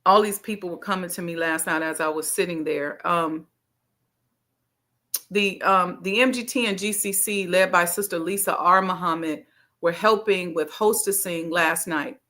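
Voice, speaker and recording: At a Ramadan gathering, a middle-aged woman gives an emphatic motivational sermon, repeating her key lines and addressing the crowd like family in a folksy call-and-response. Her voice is fairly low and sharp, at a normal speed.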